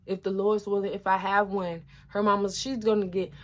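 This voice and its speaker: A young woman in her twenties tells a story casually and chattily to the camera. She talks straight to her viewers in a mid-range voice. She drops her voice low and soft for asides. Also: fairly quick. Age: 20s. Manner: chatty, animated, addresses viewers directly as y'all. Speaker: vlogger.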